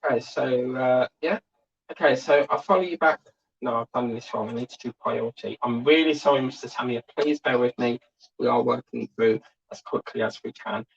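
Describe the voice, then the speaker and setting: A model-kit livestream host with a gravelly, husky, medium-pitched voice chats at a moderate pace, rambling casually and reading out viewer comments. The sound is lo-fi.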